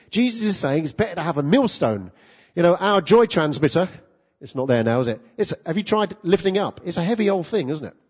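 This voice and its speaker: A man preaches to his congregation, pitching his voice fairly high and swooping up and down as he throws rhetorical questions at them. His tone is a little husky. The recording is dull and lo-fi, with a long reverb from the hall. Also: darkish tone. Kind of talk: sermon.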